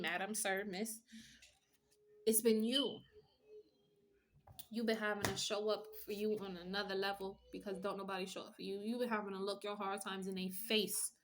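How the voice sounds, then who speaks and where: A woman's voice: medium pitch, fairly bright tone. A woman giving a casual tarot reading with a blunt, profane pep-talk manner. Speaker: tarot reader.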